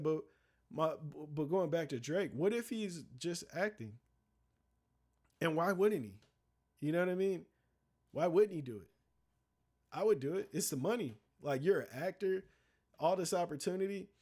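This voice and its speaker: A man's voice: fairly high pitch, a little mellow. Slangy young man ranting casually. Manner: loose, profane, rambling slang with many restarts. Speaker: streamer commentator. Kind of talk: casual commentary to a live chat.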